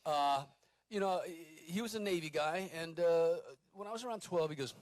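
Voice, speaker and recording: A middle-aged man from Texas hosts an awards night, making up his speech as he goes, with plenty of fillers and jokes at his own expense. His voice sits a little high for a man. The sound is close and dry. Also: normal speed, dry recording. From Corpus Christi, Texas. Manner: rambling, self-deprecating, lots of uh fillers. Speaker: awards ceremony host. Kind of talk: unscripted ceremony speech. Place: awards ceremony venue.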